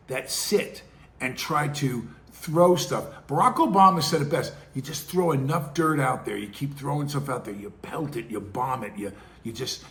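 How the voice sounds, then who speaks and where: Middle-aged guy hosting his show, rambly and chatty, mid-pitched voice, bit of hiss under it. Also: creaky. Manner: rambling, conversational, with restarts and acted-out quotes. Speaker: podcast host. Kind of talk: casual commentary.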